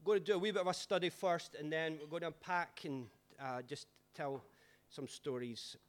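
A Scottish man, a pastor, giving a chatty, relaxed sermon with stories and fillers. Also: a little high, normal speed. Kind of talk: informal sermon storytelling.

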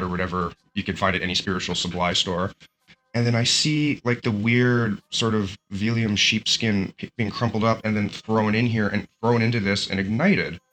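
A man telling a personal story in a casual, animated way, with lots of fillers and restarts. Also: on the low side, normal speed.

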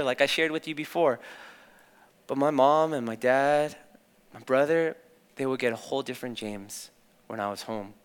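A young man preaches with a bright, forceful edge, telling personal stories in a candid and animated way. His voice sits a little high for a man. A long reverb trails each phrase, as from a big church hall. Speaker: youth pastor. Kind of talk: sermon.

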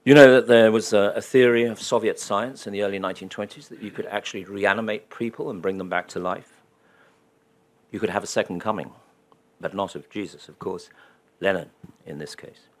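A man's voice: on the low side, a little fast. A man giving a public lecture, with dry humor and ironic asides.

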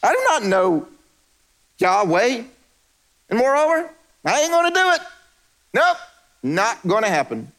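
A man's voice: big pitch swings, measured pace, pauses often, fairly bright tone, full character voice. A man preaching who voices a scoffing, mocking male Egyptian king in a sermon. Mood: defiant. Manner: incredulous, high-pitched sneering put-on voice. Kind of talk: sermon storytelling.

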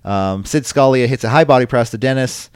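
A man's voice: mid-range voice, fairly quick, smooth, dry recording. A man hosting a casual podcast, rambling through a recap with lots of ums and likes. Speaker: podcast host recapping wrestling. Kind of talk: casual chat.

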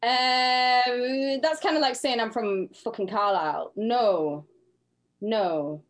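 A woman's voice: on the high side, slow. A Cumbrian woman co-hosting a podcast in blunt, sweary, laughing casual chat. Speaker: podcast co-host.

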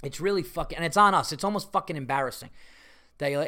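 A man with a somewhat high voice hosts a podcast and rambles through stories. He swears freely and keeps getting louder and more worked up. It is loose, casual storytelling. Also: fast talker. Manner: profane, rambling, gets loud and excitable. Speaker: podcast host and comedian.

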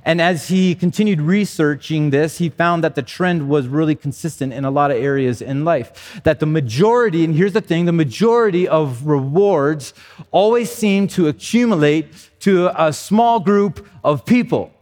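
A man preaching to his church in a relaxed, talky manner, doubling back on words as he thinks aloud. His voice sits a little higher than most men's, and it rings out with the long reverb of a large hall. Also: normal speed. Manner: conversational, repeats words as he talks. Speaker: pastor. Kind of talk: sermon.

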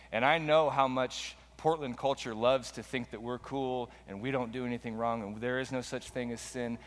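A man preaching a sermon with impassioned delivery, often climbing high and loud for emphasis. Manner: impassioned preaching with dramatic pitch swings. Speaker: pastor. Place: church sanctuary. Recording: long hall reverb.

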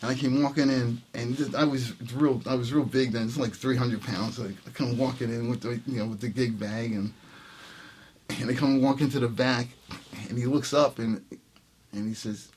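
There's a little hiss or hum behind this man's mid-range voice. The jazz trumpeter spins a casual interview story with plenty of energy, voicing the characters' quotes and breaking into laughter often.

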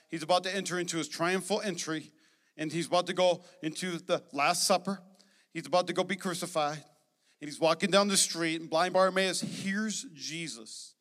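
A man with a high, bright, forceful voice preaches with energy and emphasis, throwing in joking asides to his congregation. His sermon rings out with a long reverb from the church sanctuary. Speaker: pastor.

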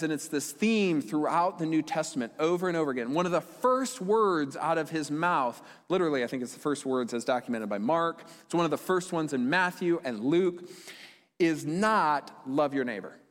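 Pastor preaching in echoey hall. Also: male voice, fairly high pitch. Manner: conversational, with quick asides and checks to the audience. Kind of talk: sermon. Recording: long reverb of a large hall.

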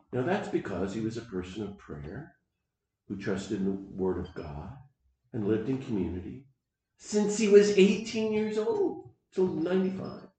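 A man in his sixties from the United States, telling personal stories as a podcast host in an animated, digressive way. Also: lowish voice. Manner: animated and digressive, swinging between loud bursts and quiet asides. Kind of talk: personal storytelling. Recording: very echoey room.

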